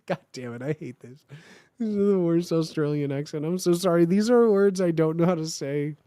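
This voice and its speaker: A woman's voice: fairly low pitch, normal speed, mellow, no echo, clean studio sound. A woman streamer reading fan fiction aloud live, breaking off into self-mocking, laughing, apologetic asides.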